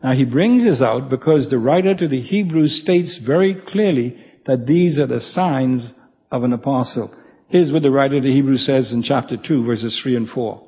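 A pastor giving an earnest expository sermon, slowing down to stress scripture as he reads it aloud. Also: mid-range voice, in a large hall, dull audio.

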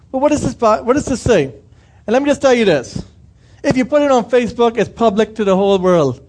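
High-voiced young pastor preaching casually. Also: male voice, expressive, a little fast, darkish tone. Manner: conversational preaching, asks the congregation questions, acts out quoted voices. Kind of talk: sermon.

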